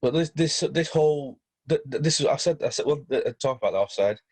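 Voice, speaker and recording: A man co-hosting a casual football podcast, talking in halting bursts with many restarts. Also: on the high side, expressive, a little mellow. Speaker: podcast co-host.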